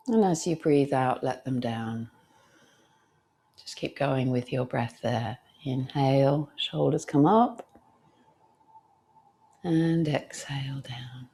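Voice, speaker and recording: A woman teacher guiding a yoga class, talking gently and soothingly and counting breaths aloud. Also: sits low. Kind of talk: guided yoga class instruction.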